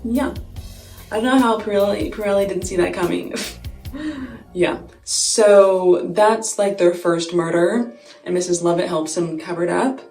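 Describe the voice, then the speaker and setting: A young woman vlogs while applying makeup, telling a chatty story in a lowish, darkish voice at a measured pace, giggling and saying "like" constantly. The room echoes, the mic is far off, and soft music plays in the background.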